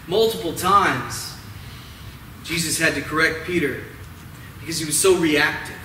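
A man preaching a sermon, stressing words and letting phrase ends drop soft and low. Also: slight background noise. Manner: dramatic, drawn-out emphasis with falling, softening phrase ends. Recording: roomy echo, mic at a distance, faint ambience.

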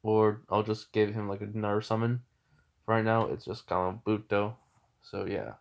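A man's voice: fairly low pitch, steady tone, unhurried, vocal fry, highs cut off. A man casually telling a fan story, rambling with lots of fillers.

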